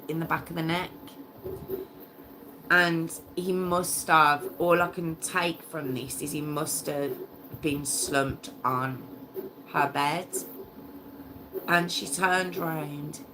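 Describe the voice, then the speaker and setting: A woman's voice: deep voice, bright, forceful tone, slight background noise, poor audio. A woman hosting a true crime story in a casual, emotional and indignant way, repeating phrases as she goes.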